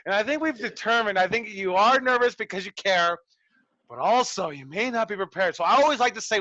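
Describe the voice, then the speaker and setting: Animated, bright-voiced wrestling coach. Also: male voice, high voice, fairly quick, no echo, lo-fi sound. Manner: animated, profane storytelling. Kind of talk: online class, casual coaching talk. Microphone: video call.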